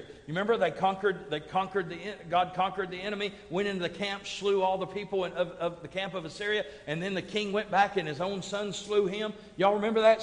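A high-pitched man preaches to his congregation. He drops to near whispers, then climbs to booming peaks. The long reverb of a large sanctuary hangs on his words. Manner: animated preaching, swinging from hushed to booming. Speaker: pastor. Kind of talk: sermon. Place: church sanctuary.

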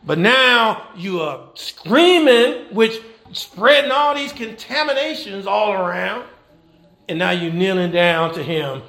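High, gravelly-voiced preacher in echoey room. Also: male voice, slow pace. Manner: animated preaching with rhetorical questions and repeated phrases; folksy Southern American church phrasing. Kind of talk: sermon. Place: church.

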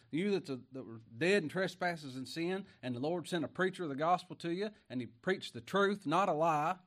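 Middle aged guy preaching, folksy, voice sits a bit high, gets loud and pumped then drops quiet. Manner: folksy, swings from quiet asides to emphatic raised lines. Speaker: pastor. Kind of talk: sermon.

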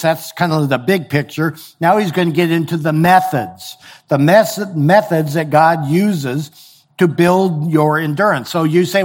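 An older man preaching a sermon in a conversational way, often acting out the voices of people he quotes. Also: a little high. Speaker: pastor.

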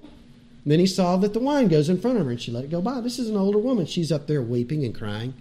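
A man preaching as pastor, earnest and exhorting, moving between loud and hushed passages. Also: sits high, big pitch swings, quick pace. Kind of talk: sermon.

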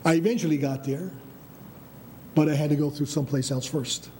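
Older man preaching, light mellow voice. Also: a little high, a little fast, a little hiss or hum. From United States. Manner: emphatic preaching with many restarts, calls of "Amen?". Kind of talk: sermon.

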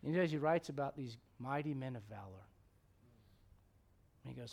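A man preaching a sermon, telling stories and acting out the quotes, sometimes dropping to a hushed tone. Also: mid-range voice, moderate pace, gravelly, long pauses. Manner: animated storytelling, acts out quotes, drops to hushed tones.

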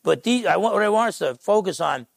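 Jersey guy pastor, gravelly voice, preaching, telling a story, doing the voices, dead dry sound. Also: high-pitched, quick pace, no room sound. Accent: New Jersey. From Essex County, New Jersey. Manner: animated storytelling, acts out the people he quotes. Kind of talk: sermon.

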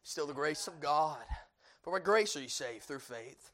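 Here a man delivers a sermon with lively intonation at a measured pace. He drops to quiet, low stretches and rises to loud climaxes, often saying "amen" and filling gaps with "uh."

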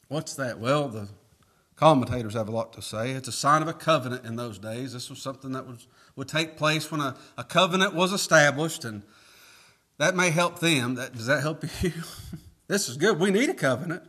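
Bright-voiced emphatic male preacher. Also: medium pitch, lively intonation, moderate pace. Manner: folksy, emphatic preaching with scripture reading and rhetorical questions. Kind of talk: sermon.

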